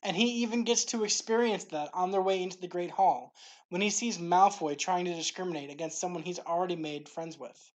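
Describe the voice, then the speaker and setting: Reading devotional narration from a script, a woman hosting a faith series speaks fairly quickly. Her voice sits a little low, and her delivery stays clear and steady throughout.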